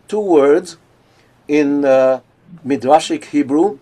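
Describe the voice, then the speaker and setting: A man delivering a lecture at an unhurried pace, his voice sitting a little high for a man. He talks through each point and then breaks into slow, drawn-out chanting of scripture verses to show how they are sung. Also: a little mellow. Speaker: lecturer on cantillation. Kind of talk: conference lecture with chanted examples.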